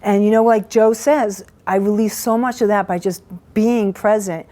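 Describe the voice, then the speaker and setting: Woman, mid-pitched, emotional testimonial; shaky, earnest, halting delivery with frequent restarts. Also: fairly even intonation, dark tone. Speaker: event participant giving a testimonial.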